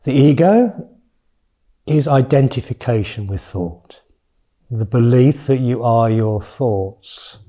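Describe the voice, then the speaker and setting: Brief: male meditation teacher in his fifties, very dark, mellow tone, frank and conversational. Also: mid-range voice. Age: 50s. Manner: candid and chatty, with blunt swearing. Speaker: mindfulness retreat teacher. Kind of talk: informal retreat talk.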